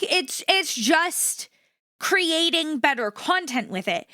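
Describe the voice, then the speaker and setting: Animated woman streamer with a bright voice. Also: no room sound, studio quality. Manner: animated, shifts between bright energetic and low flat delivery. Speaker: VTuber streamer. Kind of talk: casual live-stream chat.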